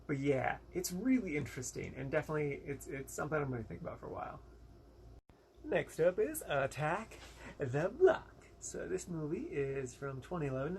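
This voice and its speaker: A man's voice: on the high side, creaky, slight background noise. A young American man giving a casual, rambling movie review, frank and exasperated, with lots of fillers and quoted asides. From United States.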